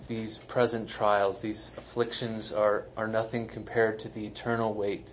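A man's voice: on the low side, level tone, unhurried, slight background noise, low-quality recording. Conversational man preaching a sermon. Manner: conversational, emphatic, self-deprecating asides. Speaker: pastor. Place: church sanctuary.

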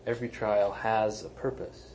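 A man's voice: on the low side, flat delivery, moderate pace, a little mellow, slight background noise, poor audio. A man, a pastor, preaching a sermon in a conversational, emphatic way with self-deprecating asides. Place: church sanctuary.

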